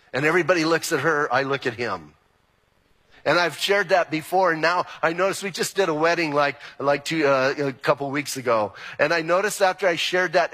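A male pastor preaching with emphatic, exclamatory energy. His tone is bright and slightly husky, and his higher-pitched voice carries through a church sanctuary with a long reverb tail. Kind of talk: sermon.

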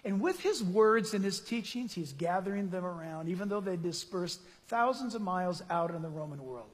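High-voiced preacher in a reverberant hall. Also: male voice, moderate pace, husky. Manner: animated, conversational preaching with rhetorical questions. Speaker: pastor. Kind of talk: sermon.

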